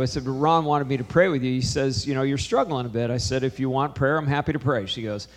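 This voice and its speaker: A man's voice: medium pitch, fast talker, hardly any pauses. Preaching man in a reverberant hall. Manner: storytelling, quoting conversations with shifting emphasis. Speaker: pastor. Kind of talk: sermon.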